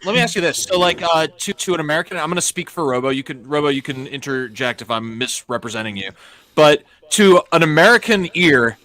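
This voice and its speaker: A man's voice: on the high side, expressive, a little fast, sharp tone. A man hosting a casual podcast, asking thoughtful questions in an easygoing way. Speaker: podcast host.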